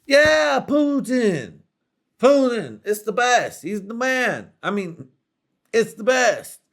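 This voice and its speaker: A man voicing an excitable, slow-witted guy who loudly gushes over a dish. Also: extremely high pitch, pitched above the performer's own voice, heavily acted. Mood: hyped. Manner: loud, hyped, insistent.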